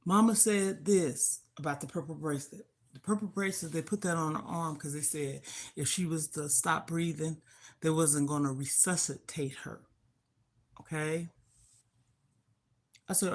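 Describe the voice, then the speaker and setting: A woman's voice: low-pitched, normal speed. An older woman hosting a livestream, telling an emotional personal story of loss in a heartfelt, grieving way that sometimes turns indignant. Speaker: livestream host.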